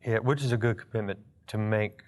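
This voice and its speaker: A man hosting a TV talk show, asking questions in a relaxed, joking way. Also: fairly low pitch, fairly quick. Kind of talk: interview questions and brief affirmations.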